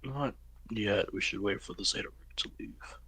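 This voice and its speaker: A man's voice: lowish voice, moderate pace, bright, forceful tone, husky, no echo. A man playing in an online tabletop game, speaking partly in character and thinking aloud as he explains his plans. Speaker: player.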